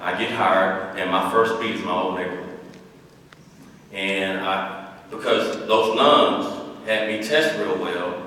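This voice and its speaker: Man, 50s, low register, earnest speech-giver telling his life story, heard far off in a reverberant hall. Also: slow, pushed and bright, slight background noise. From Dallas, Texas. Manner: earnest, repeats phrases for emphasis. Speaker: former police chief giving a speech. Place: large hall, speaking to an audience.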